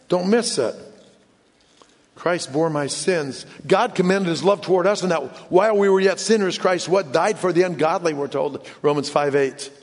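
A man preaching a sermon in an earnest way, often dropping to hushed low tones for emphasis. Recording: long hall reverb.

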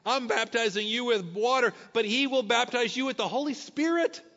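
A man voicing a humble male desert prophet, loud and emphatic, in a sermon reading. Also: extremely high pitch, moderate pace, voice pushed up. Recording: echoey hall, dull lo-fi sound.

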